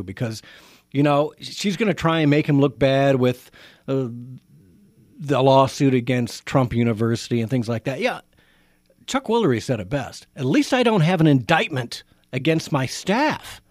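A man's voice: mid-range voice, expressive, moderate pace, no echo, studio quality. A man hosting a political talk radio show, firing off indignant rhetorical questions and restarting his sentences. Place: radio studio.

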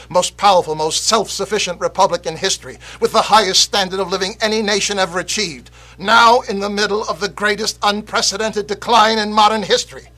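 An actor playing a fiery male patriot orator, delivering an impassioned scripted speech that swings from loud rallying cries to hushed warnings. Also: sits high. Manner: rousing, declamatory, swings from shouting to hushed. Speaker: actor in a political video.

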